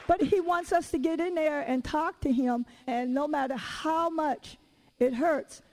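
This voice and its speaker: Lady preacher, high voice, telling stories in her sermon, chatty and lively. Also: low-quality recording. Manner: lively conversational storytelling; casual everyday phrasing.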